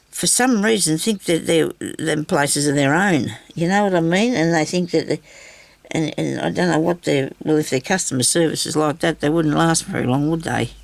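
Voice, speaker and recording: A woman's voice: lowish voice, no echo. An Australian woman chatting in a casual, rambling way while she crafts and tells stories. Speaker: craft vlogger.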